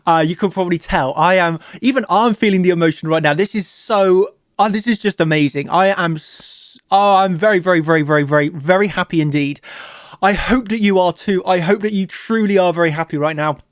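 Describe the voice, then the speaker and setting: A man's voice: sits high, brisk, dry recording, studio quality. A man running a live trading stream, overjoyed and emotional, repeating words and laughing as he talks. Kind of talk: excited live stream chart talk.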